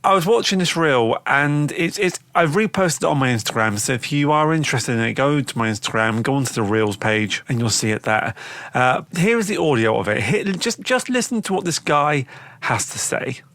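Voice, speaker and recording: A man's voice: medium pitch, expressive, moderate pace, fairly bright tone, dry recording. A man hosting a podcast, talking in a reflective, chatty way with frequent restarts. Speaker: podcast host. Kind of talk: casual spoken monologue.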